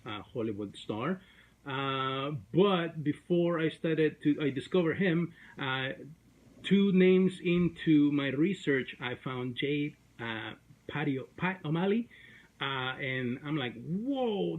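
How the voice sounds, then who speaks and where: A man with a mid-range voice hosts a casual YouTube show, chatting in a self-deprecating way and using lots of fillers. The recording sounds rough.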